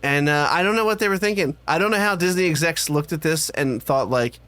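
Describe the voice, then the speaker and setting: A man's voice: fairly high pitch, a little fast, hardly any pauses, fairly bright tone. A man co-hosting a casual podcast chat, joking and rambling with frequent fillers. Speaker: podcast co-host.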